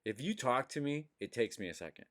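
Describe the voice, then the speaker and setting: A man's voice: mid-range voice, a little fast. A man hosting a podcast, chatting casually and telling stories with laughter and swearing. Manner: animated storyteller, swearing, laughing. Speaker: podcast host. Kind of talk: casual chat.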